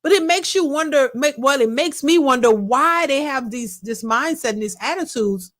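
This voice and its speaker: A woman hosts a casual live reaction stream. She talks to her chat in an emphatic, repetitive way. Her voice sits high. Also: animated, moderate pace, fairly bright tone. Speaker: reaction channel host.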